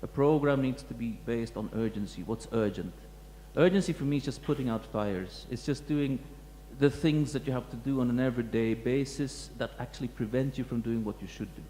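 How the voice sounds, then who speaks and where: A man, a museum curator, giving a reflective talk to an audience, pausing and restarting often. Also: medium pitch, dark tone. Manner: halting, many restarts and fillers, reflective. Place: lecture hall. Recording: echoey hall with faint hum.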